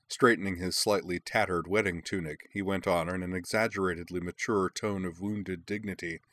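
A man narrating a fantasy story in a measured, expressive storytelling manner. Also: deep voice. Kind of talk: audiobook narration.

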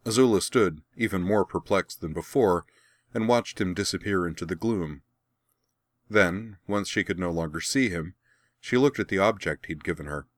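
Brief: male audiobook narrator, very low voice, wry and even, close dry recording. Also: normal speed, dry recording. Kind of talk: scripted audiobook narration of fan fiction.

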